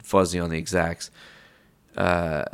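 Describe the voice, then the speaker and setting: A man's voice: sits low, flat delivery, slow pace, fairly bright tone, smooth. A man hosting a podcast, telling a long personal story in a rambling, profane way with lots of fillers. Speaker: podcast host. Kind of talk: casual storytelling monologue.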